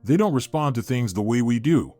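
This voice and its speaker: A man's voice: mid-range voice, animated, fairly quick, a little mellow, no echo, faint music behind, lightly acted. A man voicing a serious, annoyed young husband in a story narration.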